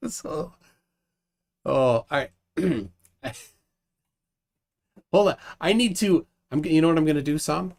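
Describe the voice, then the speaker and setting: Wry livestream host, male, animated pitch, reads viewer comments with amusement. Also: slow pace, creaky, pauses often. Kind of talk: casual live debate chat.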